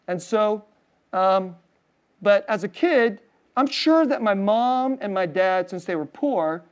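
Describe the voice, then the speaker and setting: Slow, smooth, and animated, a high-voiced male pastor tells his sermon like a story. Fillers and gentle laughs run throughout, and he drops to a tender hush when things turn emotional.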